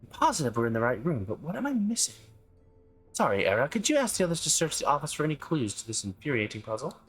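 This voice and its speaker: A man reading a game's dialogue aloud, voicing an earnest young woman investigator in a measured way. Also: on the high side, huge pitch swings, a bit bright, husky, voice pushed up, full character voice. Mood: puzzled. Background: faint game music.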